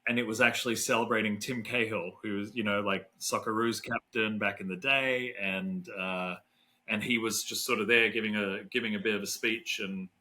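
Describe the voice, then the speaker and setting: A man's voice: fairly low pitch, steady tone, moderate pace, pushed and bright, low-quality recording. A middle-aged Australian man, a neuroscientist guest, tells a story in a casual, rambling way with lots of fillers and restarts.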